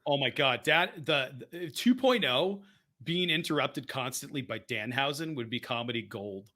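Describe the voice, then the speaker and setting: A man co-hosting a podcast in casual chat, excitable and rambling, often laughing as he talks. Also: medium pitch, normal speed. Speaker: podcast co-host.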